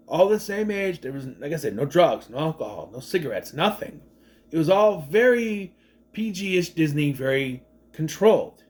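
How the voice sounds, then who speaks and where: A chatty man in his thirties rambles through a casual movie recap. His voice sits a bit high and swings up and down a lot as he acts out lines from the film. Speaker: movie reviewer.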